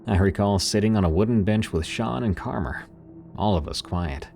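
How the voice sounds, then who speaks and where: A man's voice: fairly low pitch, normal speed, creaky, warm tone, soft background music. A man narrating a first-person horror story in a dramatic, suspenseful storytelling manner.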